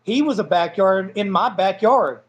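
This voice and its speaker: A man with a Southern accent, a wrestler chatting as an interview guest in a relaxed, agreeable way. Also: high voice, moderate pace. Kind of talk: casual conversational interview.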